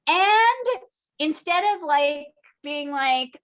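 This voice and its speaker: A woman giving a casual online lecture over a video call, chatty and animated, acting out historical figures in jokey quoted voices. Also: high voice, takes it slowly. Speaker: teacher.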